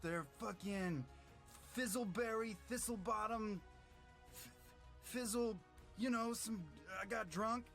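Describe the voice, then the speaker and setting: A man's voice: high voice, fairly even intonation, takes it slowly, gravelly, a bit bright, faint music behind, heavily acted. A man voicing a brash, crude young woman in an improvised retelling, rambling and swearing as he stumbles over words.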